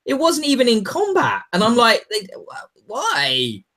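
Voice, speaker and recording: A man co-hosting a podcast in casual chat, animated and jokey, talking in quick bursts. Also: very high voice. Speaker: podcast co-host.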